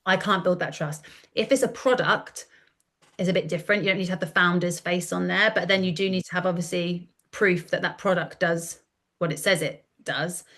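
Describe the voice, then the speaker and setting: A woman in her thirties, a content coach talking in a casual podcast interview, chatty and animated, often acting out quoted dialogue. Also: on the low side, moderate pace. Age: 30s.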